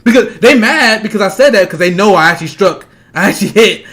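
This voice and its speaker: A political commentator rants angrily and fast in a high, lively, fairly bright male voice, swearing and laughing scornfully mid-sentence. He sounds thoroughly agitated as he tears into his points.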